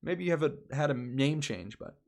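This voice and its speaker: A man's voice: fairly high pitch, expressive, normal speed, creaky. A young man hosting a casual live stream, rambling and restarting his phrases as he talks to his chat.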